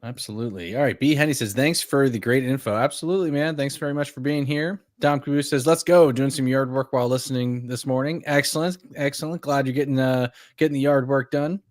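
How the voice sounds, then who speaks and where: A man's voice: medium pitch, steady tone, quick pace, few pauses, no room sound, studio quality. A man co-hosting a live fantasy baseball stream, upbeat and reading viewer comments aloud. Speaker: podcast co-host.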